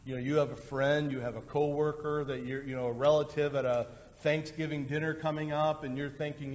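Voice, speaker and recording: A male pastor preaching a sermon in a conversational way, with lively bursts when he acts out quotes. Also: a little high, fairly quick, hardly any pauses, a little hiss or hum. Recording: dull lo-fi sound with long hall reverb.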